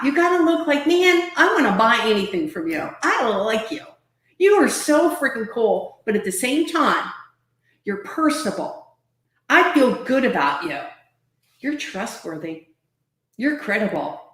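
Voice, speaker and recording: A woman sales trainer with a somewhat high voice delivers an emphatic, motivational talk, often repeating her points. She speaks over a webcam stream. The room around her has a noticeable echo. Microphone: webcam or laptop mic on a live video stream. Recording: roomy echo.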